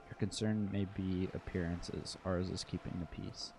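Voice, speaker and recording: A man's voice: low-pitched, flat delivery, normal speed, vocal fry, darkish tone, faint music behind. A man reading the lines of a dry, methodical police lieutenant, terse and matter-of-fact.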